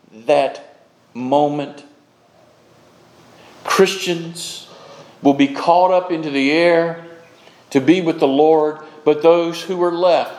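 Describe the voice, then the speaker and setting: A male pastor preaching a sermon with slow, emphatic delivery and dramatic pauses. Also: on the high side, a little mellow. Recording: echoey room sound.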